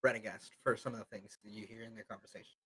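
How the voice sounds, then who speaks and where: A man's voice: fairly low pitch, steady tone, very fast, bright, forceful tone, slightly rough, low-quality recording. A man running a tabletop game as game master, narrating casually with some fillers.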